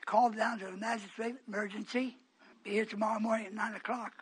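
A man, likely older, preaching a storytelling sermon, swinging from quiet asides to shouted outbursts. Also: high voice, flat delivery, fast talker.

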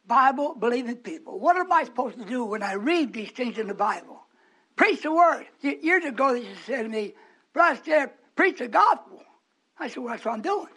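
A man preaching a sermon to his congregation, moving between hushed, whispered asides and raised, emphatic lines, with chuckles between. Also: extremely high pitch.

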